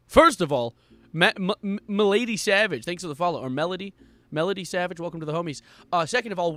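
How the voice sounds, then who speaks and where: A man streaming live, commenting on posts with jokes, frequent laughter and loud incredulous outbursts. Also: sits high, lively intonation, fast, no room sound.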